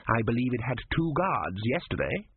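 A man voicing a soft-spoken, menacing male deacon who talks pleasantly and without hurry, recorded with a dry, phone-like sound. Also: mid-range voice, very animated, husky, no echo, full character voice. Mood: calm. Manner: pleasant, unhurried, quietly commanding.

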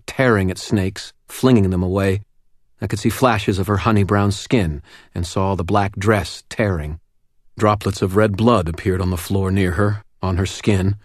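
A man reading first-person fiction as an audiobook narrator, measured and dramatic. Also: sits low, no echo, studio quality.

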